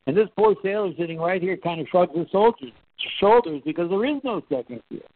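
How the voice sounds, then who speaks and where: A man giving a storytelling talk about leadership, conversational and animated, acting out quotes. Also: a little fast, a little hiss or hum. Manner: animated, acts out quotes with rising pitch; conversational, with fillers and restarts. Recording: tinny phone-like, dry.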